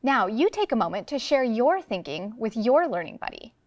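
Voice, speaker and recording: Expressive woman teacher reading aloud. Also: a little high, moderate pace, dry recording. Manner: expressive storybook reading with voices. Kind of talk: classroom read-aloud lesson. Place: studio classroom.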